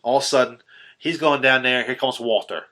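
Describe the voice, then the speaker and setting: A man on a podcast excitedly retelling a horror film's ending in casual, profanity-laced chat, full of ums and restarts. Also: medium pitch, brisk. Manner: animated retelling, swearing, filler-heavy. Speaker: podcast host. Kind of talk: casual film recap chat.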